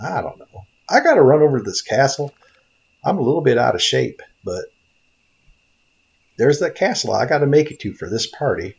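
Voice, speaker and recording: A gaming video narrator with a medium-pitched, creaky voice speaks at normal speed, pausing often, and the audio's highs are cut off. He plays a naive, bumbling greenhorn hunter and photographer from Tennessee, rambling in folksy comedic commentary and getting excited easily.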